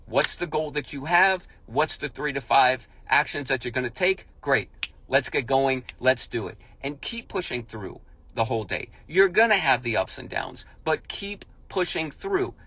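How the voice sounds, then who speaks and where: A man's voice: mid-range voice, animated, moderate pace, pushed and bright, husky. Emphatic man giving a pep talk. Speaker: motivational speaker. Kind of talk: motivational monologue.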